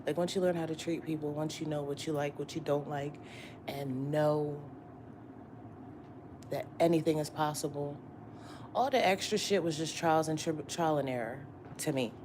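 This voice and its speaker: A woman's voice: low voice, steady tone, normal speed, noisy background. A woman tarot reader giving a casual morning pep talk to her viewers, slangy and profane, repeating herself for emphasis. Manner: repetitive and emphatic, often asking "you get what I'm saying?".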